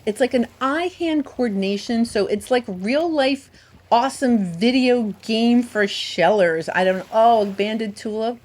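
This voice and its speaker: A woman's voice: on the high side, a little slow, darkish tone. A woman vlogging from a beach as she hunts for shells, bubbly and gushing, and talking to the shells she finds. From Southwest Florida. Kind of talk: casual narrated vlog. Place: outdoors on a beach.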